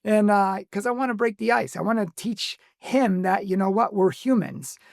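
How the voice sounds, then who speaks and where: Gravelly man telling a story. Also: high-pitched, moderate pace, no echo, studio quality. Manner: recounts events with small laughs and quoted dialogue. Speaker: answers phones for a Catholic apologetics ministry. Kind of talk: casual storytelling to camera.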